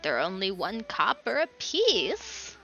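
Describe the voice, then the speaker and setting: A woman's voice: mid-range voice, huge pitch swings, takes it slowly, creaky, sharp tone, highs cut off, soft background music, exaggerated voice. Woman playing an old gnome peddler. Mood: peddling. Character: old male gnome candy-apple seller.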